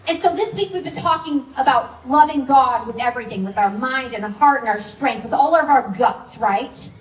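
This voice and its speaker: A woman's voice: sits high, normal speed. A woman in her thirties giving a chatty, story-driven sermon with lots of fillers. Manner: conversational, storytelling, many fillers. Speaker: speaker. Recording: echoey hall, mic from a distance.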